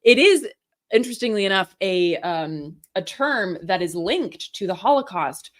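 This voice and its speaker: A woman's voice: mid-range voice, animated, unhurried. A woman co-hosting a live political show, chatting casually and explaining things wryly. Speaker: co-host.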